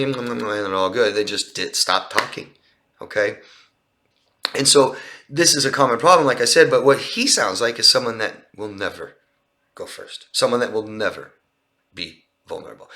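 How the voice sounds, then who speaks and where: Outdoors near a street, a relationship coach answers viewers' questions during a live Q&A. His voice sits fairly low, with a bright, forceful tone. He explains things earnestly, repeating himself and starting phrases over.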